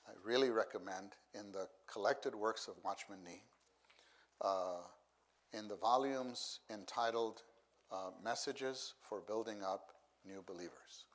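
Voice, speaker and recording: A middle-aged man delivering a sermon in a fairly low voice. He talks slowly and deliberately, going back over his key phrases to drive them home. His tone stays measured and unhurried throughout. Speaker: preacher.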